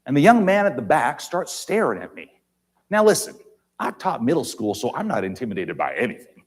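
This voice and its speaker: A man giving an inspirational talk on stage in a large auditorium, emphatic, swinging between loud and quiet. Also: mid-range voice, wildly swooping pitch, brisk, husky.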